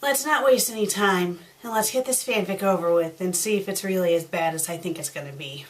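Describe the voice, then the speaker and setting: A woman's voice: on the low side, fairly quick, few pauses. A woman reviewing fan fiction online, sarcastic and exasperated, with heavy sighs. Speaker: fanfic reviewer.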